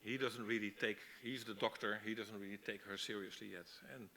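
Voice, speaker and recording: A man teaching a masterclass on storyboarding, explaining in a relaxed way with frequent restarts. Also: fairly low pitch, brisk, slight background noise. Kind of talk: lecture on storyboarding.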